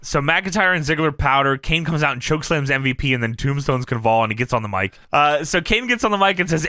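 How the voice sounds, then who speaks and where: Brief: a swearing, animated male co-host telling a story, fairly high voice, dry close mic. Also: quick pace, hardly any pauses, no room sound. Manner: animated and profane, jumping into quoted voices. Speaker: podcast co-host. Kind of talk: casual recap of old wrestling shows.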